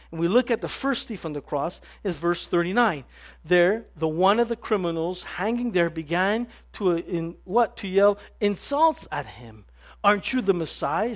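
Very high-voiced man preaching with passion. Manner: impassioned preaching with halting restarts and sudden loud emphasis. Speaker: pastor. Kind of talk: sermon.

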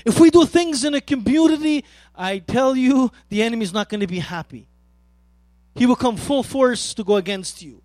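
High-voiced preaching man, dry sound. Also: expressive, moderate pace, no echo. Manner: emphatic preaching, swings loud and soft. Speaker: pastor. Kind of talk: sermon.

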